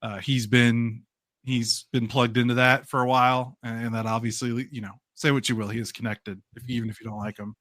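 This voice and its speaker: A man hosting a podcast in a mid-pitched voice, rambling and hedging as he works through his thoughts. The sound is dry and close-miked. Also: little pitch movement, a little fast, fairly bright tone, dry recording. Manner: rambling, hedging, filler-heavy. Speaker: podcast host. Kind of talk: casual podcast chat. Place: live-streamed remote show.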